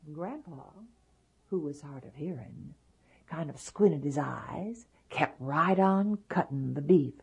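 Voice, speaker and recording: A woman telling a folktale aloud, animated, with hushed, drawn-out endings. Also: deep voice, gravelly, breathy edge. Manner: animated, dropping to hushed asides. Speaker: storyteller. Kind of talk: folktale storytelling.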